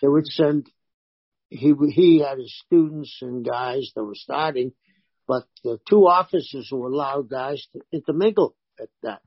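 A man, a former pro wrestler, telling animated stories in a casual interview and voicing the people in them. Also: medium pitch, measured pace, no room sound, lo-fi sound. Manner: animated anecdotes with voiced quotes.

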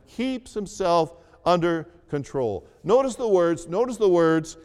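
A man preaches a sermon in a slow, measured way, repeating key phrases and lifting his voice for emphasis. His voice sits a little high and sounds smooth and resonant. The long reverb of a large church hall trails each line. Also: animated, darkish tone. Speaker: pastor.

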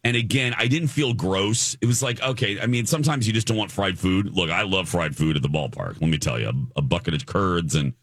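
A man's voice: sits low, brisk, few pauses, fairly bright tone, no room sound, clean studio sound. A man from the Chicago area co-hosting a radio show, chatting with enthusiasm and often restarting his sentences. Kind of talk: casual chat.

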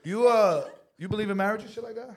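A man's voice: high voice, fast. A man co-hosting a podcast in casual chat, brash and joking, swearing freely and full of slang. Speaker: podcast co-host.

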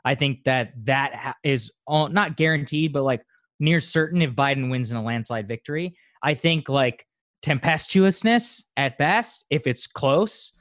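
A man guest on a podcast, talking politics bluntly and emphatically, getting animated as he makes his points. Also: medium pitch, unhurried, no echo, studio quality. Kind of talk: casual political discussion.

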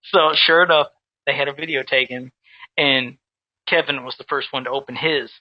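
A man telling a story in casual chat, animated, with many restarts and repeated words. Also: mid-range voice, moderate pace, no echo, lo-fi sound. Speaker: guest who makes custom action figures.

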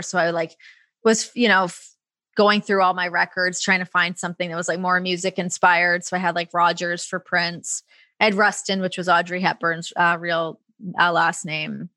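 A young Canadian woman with a faint accent from Toronto talks casually in an interview, peppering her stories with "like" and frequent laughs. Her voice is bright and forward, recorded close and dry with no room sound. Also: on the low side, fairly even intonation, moderate pace, dry recording. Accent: faint Canadian, trained toward American. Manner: chatty, laughs often, lots of "like" fillers. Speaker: guest, broadcaster.

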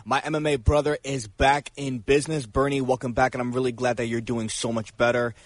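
A man's voice: mid-range voice, little pitch movement, a little fast, no echo. A man on a talk radio round-table speaks sincerely and plainly. His voice sits mid-range. The studio sound is dry. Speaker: radio show staffer.

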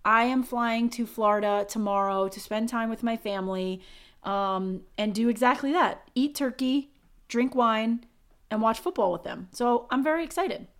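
A woman's voice: a little high, moderate pace, smooth. A woman co-hosting a podcast, talking in a bubbly, chatty way full of fillers. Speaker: podcast co-host. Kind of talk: casual chat and read sponsor spot.

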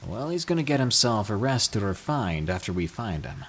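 A man's voice: fairly low pitch, big pitch swings, normal speed, a little hiss or hum. A man voicing a wry, matter-of-fact male game warden.

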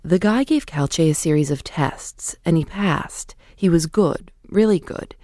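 A woman hosting a podcast, narrating in a measured, clear way and putting questions to her guest. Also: low-pitched, warm tone, no echo, studio quality. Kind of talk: scripted narration and interviewing.

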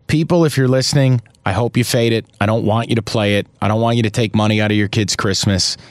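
A man co-hosting a sports betting chat, ranting with theatrical mock outrage and cursing, his voice jumping high when riled. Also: steady tone, fast talker, no echo. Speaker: sports betting podcast co-host.

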